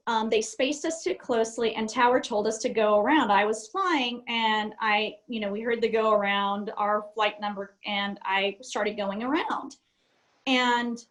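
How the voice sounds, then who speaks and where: A middle-aged woman, an airline captain, telling stories in a casual interview, animated and laughing often as she acts out cockpit talk. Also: a little high, measured pace, low-quality recording.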